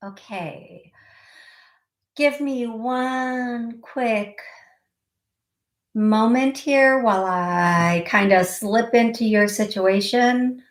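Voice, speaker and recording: A woman's voice: on the high side, very slow, pauses often, roomy sound. A woman hosting a call-in psychic radio show, giving readings with repeated, direct warnings and bursts of giggling.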